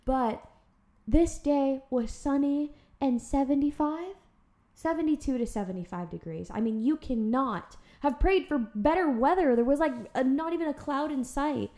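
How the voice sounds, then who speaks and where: A woman podcast host telling a personal story in a casual, animated chat. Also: sits high, normal speed. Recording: roomy echo.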